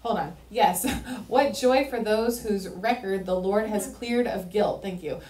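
A woman reading scripture in an even, steady voice, with a mid-range pitch. She is heard from a distance, with the echo of a large room around her. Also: measured pace. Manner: steady reading with short affirmations. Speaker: scripture reader. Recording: echoey room, mic at a distance.

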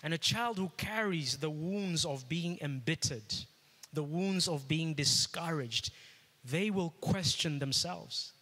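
A man's voice: a little high, animated, slow, bright, forceful tone. A middle-aged man preaching a sermon as pastor, earnest and repeating phrases for emphasis. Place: church hall. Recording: echoey hall.

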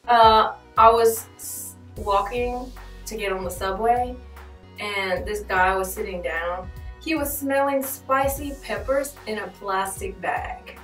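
Speaking slowly in a medium, slightly bright voice, a young woman vlogs in a relaxed, talkative style with joking asides and laughter. The room is echoey, the mic is distant, and there's faint music.

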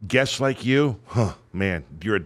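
A man's voice: on the low side, unhurried. A man co-hosting a podcast, joking around and talking enthusiastically. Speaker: podcast host. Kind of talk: casual chat.

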